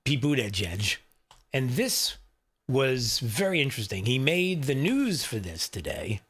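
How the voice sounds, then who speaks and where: A man's voice: on the high side, fairly bright tone. A male talk radio host speaking from a studio. He rambles in a casual, chatty way, full of fillers and asides to his producer off-mic.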